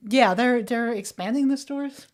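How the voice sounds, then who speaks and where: A woman's voice: on the high side, a little slow. A woman co-hosting a podcast in casual chat, playful and teasing, laughing often. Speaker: podcast co-host.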